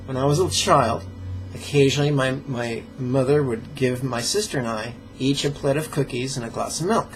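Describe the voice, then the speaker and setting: Guy teaching meditation chants, jokey, slow careful syllables, a bit of background hiss. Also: medium pitch. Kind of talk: pronunciation drill in a live lesson.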